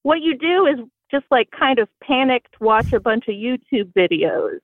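A woman's voice: high voice, lively intonation, normal speed, no room sound. A woman calling in to an advice show, her raised voice coming through a dull, muffled phone line. She talks in a playful, laughing way, and the line sounds dry with no room around it. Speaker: caller. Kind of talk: casual chat.

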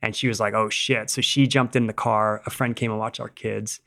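Middle-aged man, podcast guest, gravelly creaky voice, casual rambling storytelling, acts out quotes. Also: on the low side, little pitch movement, normal speed, a bit bright, a little hiss or hum. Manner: rambling retelling, acting out quotes, many "like"s.

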